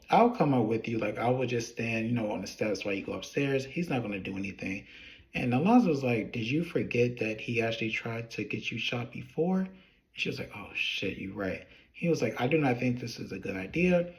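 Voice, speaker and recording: A man's voice: medium pitch, darkish tone. Casual man retelling a TV episode. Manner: retells scenes quoting characters with "he was like". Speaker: show recap reviewer.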